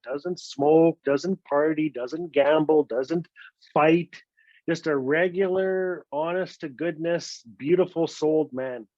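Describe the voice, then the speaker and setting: A storyteller from Canada's Northwest Territories tells a funny folk tale in a lively, playful, casual way, his voice a little high for a man. He repeats words for effect and keeps ending lines with "eh". The dull, very dry, lo-fi online recording sounds like a video call, with no room sound.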